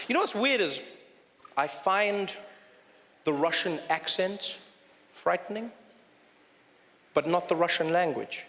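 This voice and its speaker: Male stand-up comic, bright high voice, chatty and animated; live hall reverb with faint ambience. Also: moderate pace, long pauses, noisy background. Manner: animated, conversational, lots of "you know". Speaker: stand-up comedian. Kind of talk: stand-up comedy routine. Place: comedy stage in a hall.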